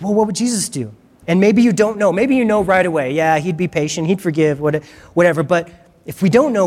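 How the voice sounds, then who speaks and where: A man's voice: sits high, a little mellow, in a large hall. A man preaching a conversational sermon as pastor, asking the congregation questions.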